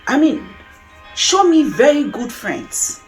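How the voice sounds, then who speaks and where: A woman's voice: high voice, huge pitch swings, slow, faint music behind. A middle-aged woman from Nigeria with a Nigerian accent, talking candidly in a casual video monologue, laughing often. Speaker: vlogger.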